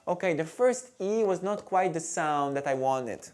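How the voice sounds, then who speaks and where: Calm, lively-voiced male violin teacher. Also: on the high side, measured pace, loud music behind the voice. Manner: calm, clear, demonstrative teaching. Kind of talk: instructional video talk.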